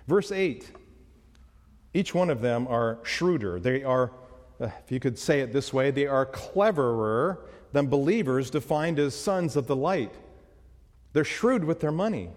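A male pastor preaching with a lively, swinging delivery, pressing his points and throwing out rhetorical questions. His voice sits at an ordinary middle pitch and carries a long reverb tail from a large church hall. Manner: emphatic, asks rhetorical questions. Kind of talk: sermon.

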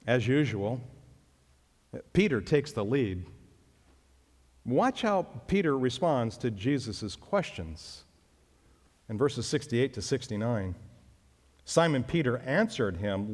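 A man preaching a sermon as pastor, emphatic and leaping up in pitch on key phrases. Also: very animated, slow, pauses often, a little mellow, breathy edge. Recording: long reverb of a hall.

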